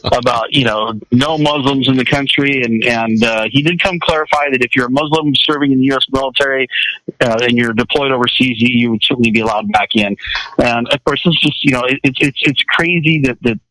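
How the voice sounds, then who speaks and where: A man's voice: mid-range voice, a little fast, sharp tone, dry recording, low-quality recording. A man co-hosting a casual radio talk show, speaking hesitantly with many restarts and fillers. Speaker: radio co-host.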